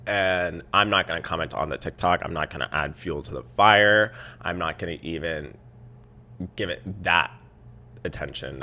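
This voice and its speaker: Young male podcast host, bright edgy voice, exasperated storyteller. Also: low voice. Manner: exasperated, animated storytelling with mocking quoted voices. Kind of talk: casual podcast rant.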